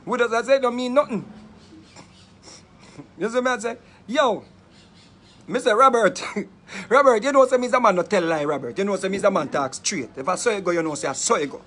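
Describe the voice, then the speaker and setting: A Jamaican man telling a story in casual, patois-heavy speech, animated and laughing often. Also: high-pitched, fast.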